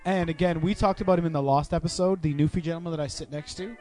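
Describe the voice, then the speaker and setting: A man's voice: fairly high pitch, fairly even intonation, quick pace, a little mellow, soft background music. A young man hosting a casual chat among friends, profane and teasing, telling a story and putting on voices. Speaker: podcast host.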